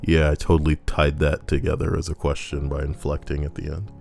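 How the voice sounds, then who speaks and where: A man's voice: extremely low pitch, flat delivery, brisk, vocal fry, a little mellow, soft background music. A man reading out Reddit posts and riffing on them in casual, sarcastic, crude commentary that wanders into rambling asides.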